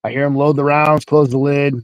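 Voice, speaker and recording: A man telling a military story in casual talk, animated and profane, acting out the dialogue. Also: a little high, brisk, clear, resonant tone, no room sound, poor audio. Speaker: guest, military veteran.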